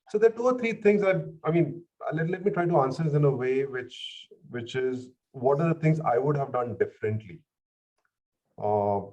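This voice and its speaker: A man's voice: medium pitch, darkish tone, lo-fi sound. A man answering as a panelist on a video call, hesitant and self-deprecating.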